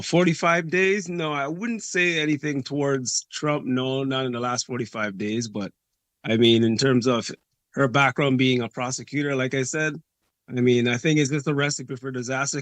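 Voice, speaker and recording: A man's voice: mid-range voice, normal speed, a bit bright, dry recording. A young man with a Caribbean accent, calling in over video and talking hesitantly, full of fillers like "like" and "you know". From Canada. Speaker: caller. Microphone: video call.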